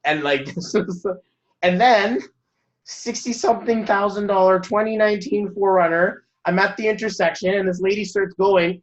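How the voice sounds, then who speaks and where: Animated storytelling man in his thirties. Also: sits high, normal speed, dull audio. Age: 30s. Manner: animated storyteller, laughs mid-sentence. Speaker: numerology coach. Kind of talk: motivational coaching talk to a group.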